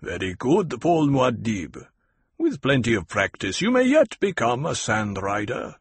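A man reading aloud voices a stern older desert troop leader who speaks bluntly and gives commands in a husky voice. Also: medium pitch, wildly swooping pitch, measured pace, no echo, exaggerated voice. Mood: approving.

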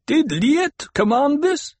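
A man doing a high, urgent hostile desert warrior. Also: sing-song, takes it slowly, darkish tone, no room sound, full character voice. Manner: urgent, pressing, impatient. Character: hostile male desert warrior hiding in the rocks. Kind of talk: audiobook character voice.

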